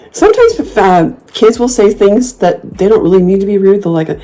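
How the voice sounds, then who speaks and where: This host talks a little fast with few pauses, telling stories in a sassy, lively manner during a casual chat. She laughs a lot and jumps into loud, high mock comebacks.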